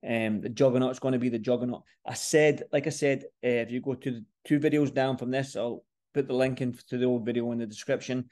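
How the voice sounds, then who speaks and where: A man's voice: medium pitch, steady tone, fairly quick, hardly any pauses, darkish tone. A man talking casually to camera as a boxing vlogger, chatty and repeating words and phrases for emphasis. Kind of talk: casual fight-preview talk to camera.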